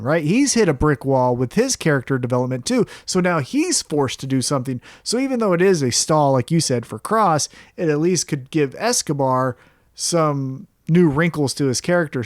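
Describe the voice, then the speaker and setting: A man's voice: a little high, lively intonation, normal speed, no room sound, studio quality. A man co-hosting a wrestling podcast, laid-back and profane as he breaks down storylines. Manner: laid-back, swears, thinks out loud. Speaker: podcast co-host. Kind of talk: casual wrestling analysis chat.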